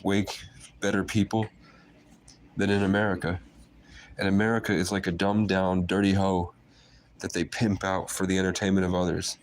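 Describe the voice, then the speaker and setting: A man with a low voice rambles to his viewers on a phone livestream, drifting from one conspiratorial aside to the next. A faint hiss sits under his talk.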